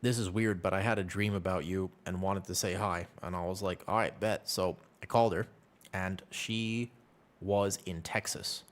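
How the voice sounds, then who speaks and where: Relaxed low-voiced man chatting. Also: normal speed. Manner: rambling, relaxed, chats with viewers. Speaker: streamer. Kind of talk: casual chat with chat while gaming. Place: at home with a cat.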